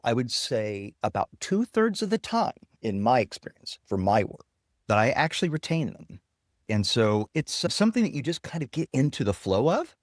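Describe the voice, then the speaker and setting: A man, a technology guest, explaining and demonstrating software with enthusiasm in a casual interview. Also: mid-range voice, no echo, studio quality. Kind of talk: casual interview with screen demo.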